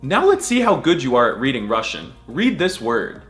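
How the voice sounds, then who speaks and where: Goofy man with a lively voice. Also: mid-range voice, faint music behind. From United States. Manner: goofy, crude, mock-outraged, drawn-out letter sounds. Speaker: comedic language explainer. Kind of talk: comedic scripted voice-over.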